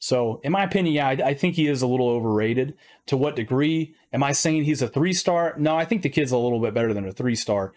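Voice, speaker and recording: A man's voice: medium pitch, animated, quick pace, hardly any pauses, a little mellow. Brief: male sports host, mid-range voice, emphatic casual commentary, keeps checking in with "right?". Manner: emphatic, peppers statements with "right?".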